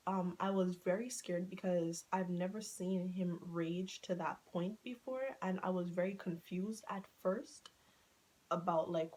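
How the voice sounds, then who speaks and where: With a fairly low voice, a female vlogger tells a dramatic personal story in a casual, animated storytime chat. She swears freely and imitates what people said, and the recording is low quality.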